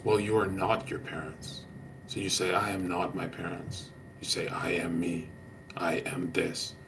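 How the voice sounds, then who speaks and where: A man's voice: fairly low pitch, darkish tone, slight background noise. A young man talking to his stream chat in a blunt, slangy way, swearing and saying "bro" a lot. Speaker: livestreamer answering chat.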